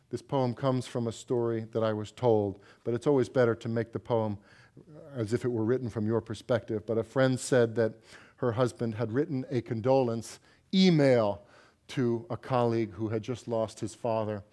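A man giving a keynote as a poet, reading his poems in a measured way, with line ends that fall quiet. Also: medium pitch, steady tone. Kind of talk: poetry reading.

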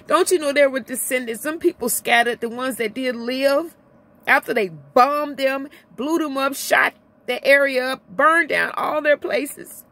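Woman, middle-aged, near tears, emotional, repetitive, voice swinging high and low, impassioned vlog rant. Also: a little slow, fairly bright tone. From Illinois. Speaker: vlogger.

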